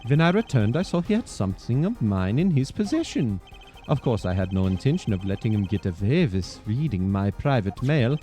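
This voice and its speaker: A man voicing a calm, sinister middle-aged defense lawyer, speaking softly and condescendingly while reading game dialogue live. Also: mid-range voice, a little fast, faint music behind, voice pushed down, lightly acted. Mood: cold.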